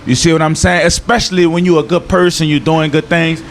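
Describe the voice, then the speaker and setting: A young man with a New Orleans accent, chatting casually as an interview guest, laid-back and slangy, sometimes dropping to a low earnest tone. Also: level tone, brisk. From New Orleans, Louisiana. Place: outdoors in Miami.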